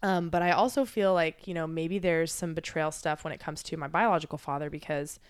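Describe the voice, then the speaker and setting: A woman's voice: low-pitched, steady tone, fairly quick, clean tone. A woman in casual chat as a podcast guest, speaking candidly and reflectively, swearing freely and using lots of filler words.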